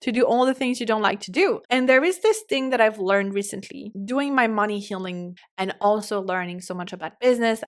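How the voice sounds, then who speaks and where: A woman hosting a solo podcast, talking passionately and swinging from fired up to soft and calm, swearing casually. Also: mid-range voice. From French-speaking. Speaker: podcast host.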